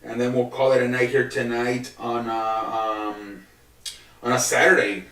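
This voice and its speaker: A man hosts a solo sports podcast in casual style, rambling and swearing with many restarts. His mid-range voice is level, measured, and a bit bright, recorded in an echoey room far from the mic.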